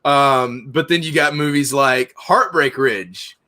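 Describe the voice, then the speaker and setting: A man's voice: medium pitch, slow, pushed and bright. A man hosting a casual chat, telling rambling, profane stories.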